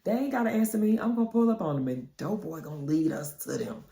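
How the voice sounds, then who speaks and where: A woman voicing a bossy, scheming young woman friend in a high, insistent voice. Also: animated, fast, creaky, mellow. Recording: roomy echo.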